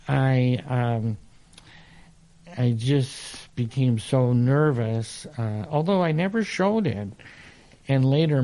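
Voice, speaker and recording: A man in his sixties, a motivational speaker and interview guest, telling stories from his childhood in a halting way, with many fillers and restarts. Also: medium pitch, dark tone. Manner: unhurried, halting, lots of fillers and restarts, chuckles. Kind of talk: casual storytelling in an interview.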